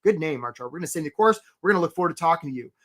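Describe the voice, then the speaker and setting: A man hosting a live career webinar. He talks with energy, keeps asking "right?" and gives quick shout-outs to viewers. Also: fairly high pitch, lively intonation. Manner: acts out voices for stories, playful.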